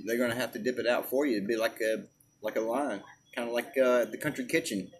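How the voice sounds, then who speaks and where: A man's voice: medium pitch, fairly even intonation, fast talker, a little hiss or hum. A man joking around in casual chat, laughing often and tossing in silly voices.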